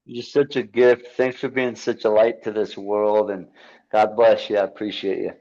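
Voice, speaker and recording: A man's voice: lowish voice, flat delivery, normal speed, darkish tone, highs cut off. A man being interviewed as a guest, talking earnestly and emphatically about a film he made and about holding yourself accountable. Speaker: podcast guest, filmmaker. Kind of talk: earnest motivational talk.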